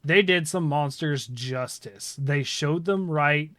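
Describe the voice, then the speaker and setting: Male co-host, lively casual talk, bright tone, close dry mic. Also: a little high, slow, no room sound. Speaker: podcast co-host. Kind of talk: casual chat.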